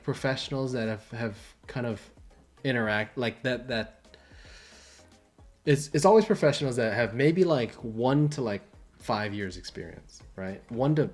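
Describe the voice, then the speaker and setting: A man's voice: mid-range voice, darkish tone. A young adult man talking casually on a livestream, rambling with many fillers and restarts. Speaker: livestream host and entertainment designer.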